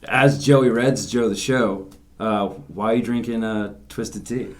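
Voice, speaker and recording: A man's voice: fairly low pitch, fairly even intonation, a little slow. A man hosting a podcast, chatting casually and joking with two friends. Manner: jokey, laughs often. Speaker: podcast host. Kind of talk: casual chat.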